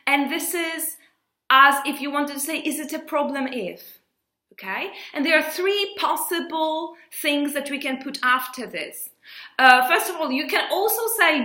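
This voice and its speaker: A woman teaching an English lesson in a lively, animated way, slowly stretching out her example phrases. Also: high voice, echoey room.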